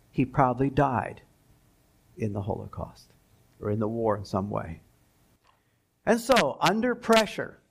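Gravelly man giving a history lecture. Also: medium pitch. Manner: deliberate, pauses for asides and reads quotations. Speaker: guest lecturer. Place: school lecture.

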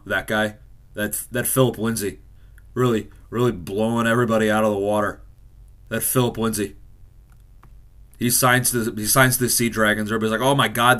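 A man hosting a casual football reaction video, frustrated and swearing, swinging from loud outbursts to low mutters. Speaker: sports fan reaction host.

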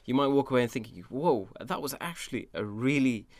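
A man's voice: medium pitch, expressive, fairly quick, darkish tone, no echo. A man co-hosting a casual film review chat, hesitant with jokey interjections. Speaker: podcast co-host.

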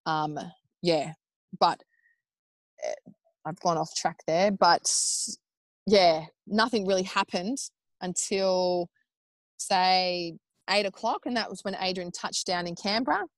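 An Australian woman in her thirties telling her own birth story in casual, animated talk, acting out what people said and swearing freely. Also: lowish voice, takes it slowly, long pauses, no echo. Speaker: podcast guest.

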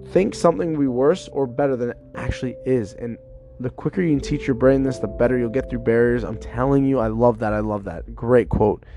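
A man in his twenties, stuffed up with a cold, rambles loosely through his casual solo podcast. His voice is medium-pitched, gravelly and warm.

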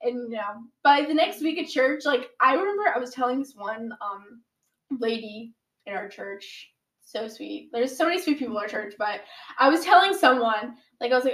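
A teenage girl recounts a story in a casual, animated way, sprinkling in "like" and acting out what everyone said. Her voice sits a little high. The room around her has a noticeable echo. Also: a little fast. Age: teens. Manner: animated, dramatic retelling with many "like"s.

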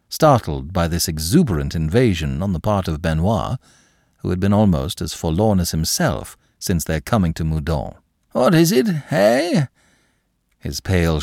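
A man reading a classic novel aloud as podcast narrator, with expressive, theatrical phrasing. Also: fairly low pitch, no echo, studio quality. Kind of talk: scripted audiobook narration.

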